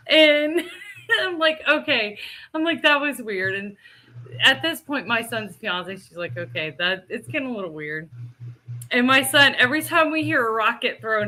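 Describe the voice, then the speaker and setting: A middle-aged woman with a bright, fairly high voice, telling a story on a podcast in a casual, chatty way. She is animated, laughs often and acts out the lines of the people in her story. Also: slow pace, pauses often, slight background noise. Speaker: podcast co-host.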